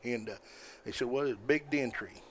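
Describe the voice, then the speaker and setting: An older man, a podcast guest telling stories in a folksy, rambling way, often halting with fillers. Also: medium pitch, slight background noise. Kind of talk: casual storytelling.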